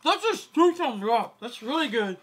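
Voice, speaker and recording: A man reacting to snacks in a casual tasting chat, giggly and quick with short enthusiastic comments. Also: very high voice, very animated, husky. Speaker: co-host.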